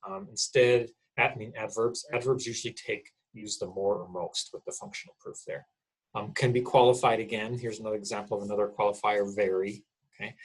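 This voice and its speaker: A man's voice: fairly low pitch, slightly rough, rough recording. A middle-aged man, a college English instructor, explains grammar in a casual recorded lecture, often checking in with "okay?".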